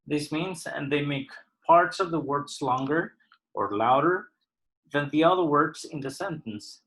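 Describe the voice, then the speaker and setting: Slow, bright-voiced male teacher. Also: fairly high pitch, rough recording. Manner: patient, deliberate, explains step by step. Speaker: English teacher. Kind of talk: slow recorded lesson explaining vocabulary.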